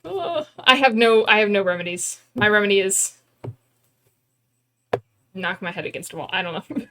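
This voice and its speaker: A woman streamer giving casual let's-play commentary from her room at home, playful and self-mocking, quick to laugh. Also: mid-range voice, a bit bright.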